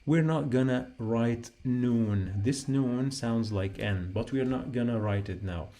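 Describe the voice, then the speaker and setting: An Arabic teacher gives a slow spoken writing lesson, patiently repeating sounds and spelling them out while he writes. He has a gravelly, mellow, mid-range voice and speaks slowly.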